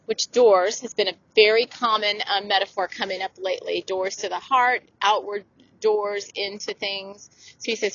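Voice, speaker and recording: A woman's voice: mid-range voice, steady tone, normal speed, a bit bright, lo-fi sound. A woman hosting a solo spiritual talk show, speaking in an earnest, gushing, emotional way. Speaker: spiritual podcast host, channeler.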